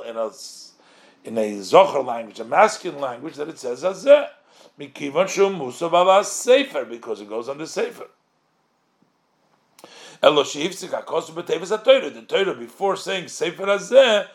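A man with a slightly high voice gives a text study lesson. He reads a phrase, then explains it patiently, posing questions and answering them himself. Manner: reads Hebrew phrases and translates them line by line. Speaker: Torah teacher.

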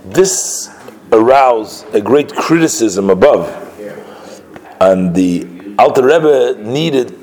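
A man telling a religious story as a lesson, in a halting way with many filler sounds and restarts. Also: mid-range voice, lively intonation, darkish tone, rough recording.

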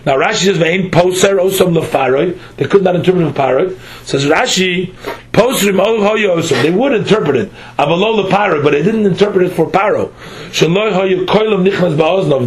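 Teaching a text study class, a man with a voice on the high side reads phrases aloud with a pronunciation and translates them one line at a time. The recording is low quality, and his speech is halting, with frequent restarts.

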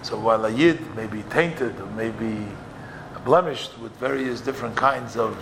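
A man's voice: medium pitch, normal speed, noisy background. A man teaching a Torah class, explaining texts step by step, quoting each line and then translating it.

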